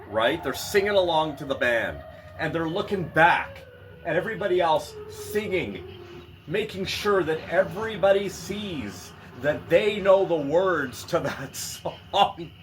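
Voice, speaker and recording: Profane ranting man, faint hum. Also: on the high side. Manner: profane, blunt, laughs at himself. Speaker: vlogger. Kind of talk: ranting vlog.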